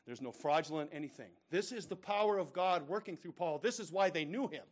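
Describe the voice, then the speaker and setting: A male pastor preaching a sermon, emphatic and repetitive, swinging between loud declarations and hushed asides. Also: fairly high pitch, animated, a little fast.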